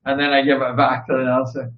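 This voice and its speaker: A man from Southern California who hosts, telling animated stories casually to camera, laughing often and acting out old conversations. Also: mid-range voice, quick pace, reverberant, highs cut off. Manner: animated, laughs often, acts out past dialogue. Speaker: host, former motorcycle racer.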